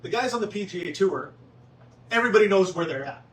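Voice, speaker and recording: A man's voice: high voice, animated, quick pace, a bit bright. Man giving a casual town hall talk. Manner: casual, joking, addresses the audience directly. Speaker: golf club staff presenting at a town hall. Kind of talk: town hall presentation with questions. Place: meeting room. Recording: echoey room, distant mic, faint noise.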